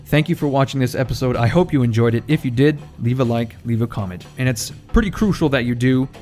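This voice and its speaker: A man's voice: mid-range voice, fast talker, a little mellow, soft background music. A man giving casual let's play commentary as a gaming channel host, joking with wry asides and chuckles.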